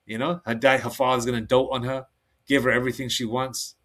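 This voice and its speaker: A man preaching in a rambling, excitable monologue, with many restarts and slow read-aloud scripture passages. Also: mid-range voice. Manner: reads scripture slowly, aloud; excitable, heated outbursts. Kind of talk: solo religious monologue.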